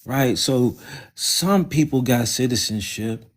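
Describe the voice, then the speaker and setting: A man's voice: mid-range voice, lively intonation, takes it slowly. A man with a Southern US accent, hosting a loose, mocking, profane livestream and talking casually. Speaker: livestream host.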